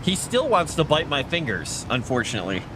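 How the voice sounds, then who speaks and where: At home indoors, a man streams a video game and chats casually, breaking off to coo and baby-talk at his cat. His fairly high voice swoops wildly in pitch, he talks a little fast, and the background is noisy.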